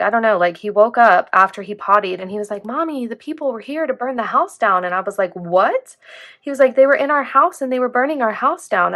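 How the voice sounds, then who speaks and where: A woman's voice: mid-range voice, a bit bright. A young woman, chatting casually and rambling as she plans in her vlog. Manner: chatty, rambling, says "like" often. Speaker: planner vlogger. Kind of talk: casual chat while planning.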